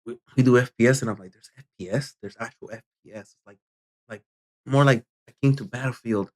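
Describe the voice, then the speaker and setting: An older man, a gaming channel host, telling a rambling story in a casual vlog, halting often and clearing his throat. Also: medium pitch, a little mellow.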